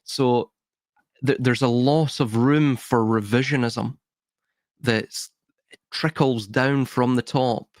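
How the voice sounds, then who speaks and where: A man's voice: mid-range voice, fairly even intonation, takes it slowly, long pauses, no echo. A Scottish man talking as a podcast guest in a thoughtful, hedging way, often restarting his sentences. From Scotland. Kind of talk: casual podcast chat.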